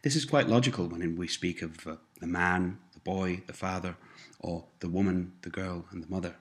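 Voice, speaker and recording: A man's voice: low voice, moderate pace. A man giving a scripted language lesson, prompting words and phrases for repetition and patiently explaining how sounds change. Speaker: language teacher.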